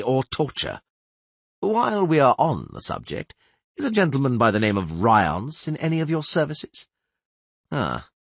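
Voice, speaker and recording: A blunt king who speaks with dry, scornful force. A man acts him out with a husky tone, set a little above his own pitch. The recording sounds close and dry. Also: fairly bright tone, dry recording, full character voice. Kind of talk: audiobook character voice.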